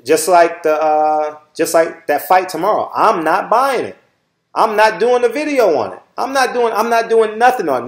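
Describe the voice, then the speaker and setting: This is a fairly high-pitched male voice in an echoey space: a middle-aged Southern Californian man hosting his channel. He lectures viewers bluntly in a loose monologue, swears freely, and keeps asking "all right?"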